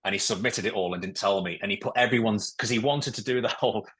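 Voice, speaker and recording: A man's voice: lowish voice, quick pace, a bit bright, slightly rough. A man in his forties, a guest telling stories in casual chat, candid and swearing freely. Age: 40s. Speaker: podcast guest, musician and ex-footballer.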